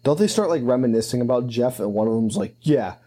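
Male podcast co-host, mellow dark tone, loose and profane, laughs often. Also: medium pitch, sing-song, quick pace. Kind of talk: casual podcast chat.

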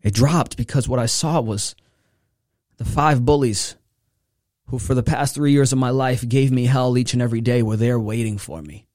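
A man hosting a motivational podcast, telling a personal story with intensity, his voice swinging between hushed and loud. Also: mid-range voice, moderate pace, dry recording, clean studio sound.

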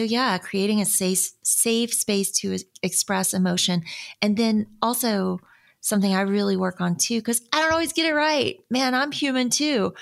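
Gravelly-voiced reflective woman. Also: medium pitch. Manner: reflective, earnest. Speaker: podcast guest. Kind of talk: casual chat.

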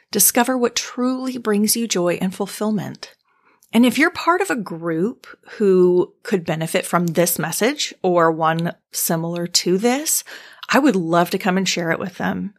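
A woman hosting a faith-based podcast, speaking gently and encouragingly to the listener, her mouth dry, pausing now and then to clear her throat. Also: lowish voice. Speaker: podcast host.

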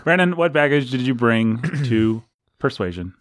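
A man's voice: medium pitch, animated, a little slow, no echo, clean studio sound. A man hosting a casual book podcast, playful and teasing, wandering into side topics. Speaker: podcast host.

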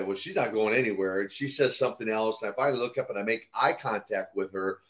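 An older man speaks at a middle pitch in a casual interview, telling stories with animated energy and chuckles. He often restarts and repeats words. The audio is a bit dull and lo-fi. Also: fairly quick, few pauses. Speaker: guest, retired pro wrestler and minister. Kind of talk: casual storytelling in a podcast interview.

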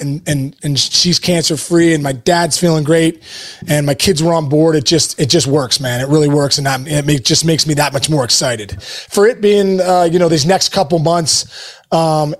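An excited man in his forties speaks in a casual interview with a slightly raised pitch. His talk rambles with restarts and fillers, but his enthusiasm carries it. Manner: rambling, many restarts and "you know" fillers; enthusiastic, emotional. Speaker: interview guest, baseball hitting coach.

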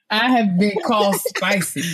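A woman's voice: mid-range voice, slow, a loud crowd. A woman co-hosting a book club chat, talking casually, laughing often and repeating herself when she gets worked up.

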